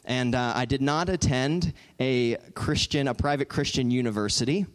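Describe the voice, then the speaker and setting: A man in his twenties giving an animated, joking storytelling talk to an audience in a large auditorium. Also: mid-range voice. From Southern California. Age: 20s. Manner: animated, joking, quick asides. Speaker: guest speaker.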